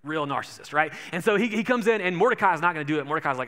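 A man preaching in a casual, animated storytelling style, acting out the characters. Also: fairly high pitch, quick pace, few pauses. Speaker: pastor. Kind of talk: sermon storytelling.

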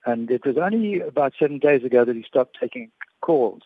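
An older man phones in to a radio show, his voice squeezed thin by the telephone line. He speaks haltingly, doubling back over words and restarting sentences as he remembers. The sound is dry and close, with no room around it. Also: mid-range voice, lively intonation, no room sound. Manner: hesitant, many repeated words and restarts. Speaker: guest, veteran sports broadcaster. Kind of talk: phone-in reminiscence.

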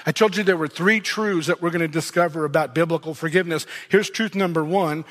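A man's voice: fairly high pitch, a little fast, hardly any pauses, fairly bright tone. A man preaching a sermon as pastor, reading scripture aloud and commenting on it in a conversational way. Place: church hall. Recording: long hall reverb.

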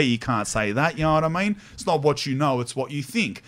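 This Australian podcast host talks fast with hardly any pauses, his medium-pitched voice fairly bright. He tells stories in a casual, slangy manner with laughter.

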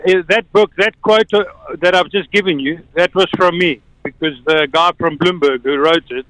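A man's voice: on the high side, normal speed, a bit bright, no room sound, rough recording. A man in his fifties with a South African accent, calling a radio show and eagerly telling a story. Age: 50s. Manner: eager storyteller, laughs between points. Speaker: radio caller. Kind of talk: casual phone-in chat.

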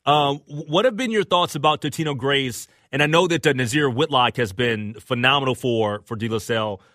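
Male radio host, bright forceful tone, dry studio sound, easygoing and agreeable. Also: a little fast, no room sound. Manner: conversational, agreeable, rises in pitch when excited. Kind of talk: casual radio talk.

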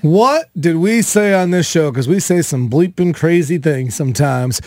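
A man hosting a radio show in a studio, telling stories quickly and with animation in casual banter. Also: a little high, a little mellow, dry recording.

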